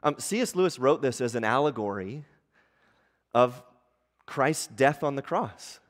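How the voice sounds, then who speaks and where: A man's voice: medium pitch, a little slow. Preaching man in a reverberant church hall. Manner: animated preaching, reads aloud with rising intensity. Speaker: pastor. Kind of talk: sermon.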